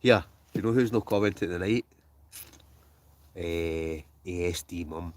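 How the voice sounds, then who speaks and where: Un hombre escocés que charla en directo desde su tienda de acampada y lee los comentarios del chat entre bromas, a veces murmurando. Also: male voice, low-pitched, unhurried, darkish tone, no room sound. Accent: Scottish. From Scotland. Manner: chatty, joking, trails off into mumbles. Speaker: wild camping livestreamer reading chat. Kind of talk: casual live-stream chat. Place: in a tent with a stove, outdoors at night.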